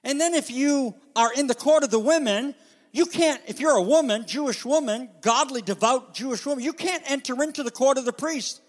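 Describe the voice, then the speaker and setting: A man preaching a sermon as pastor, with animated, dramatic emphasis, speaking to a congregation. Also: very high-pitched, brisk. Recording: long hall reverb.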